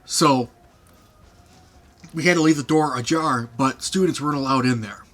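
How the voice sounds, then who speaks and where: Bright-voiced young man telling stories. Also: medium pitch, moderate pace. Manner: laughing often, rambling with fillers. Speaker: podcast host. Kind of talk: casual storytelling chat.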